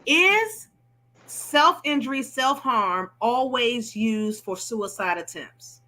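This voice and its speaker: A woman's voice: on the high side, animated, slow, bright, forceful tone. A woman hosting a live panel talk, affirming her guests and explaining for viewers. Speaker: host.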